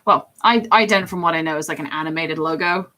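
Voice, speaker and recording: A young woman chatting casually on a live stream, giggly and self-deprecating, her pitch swinging widely as she answers viewers. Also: brisk, pushed and bright.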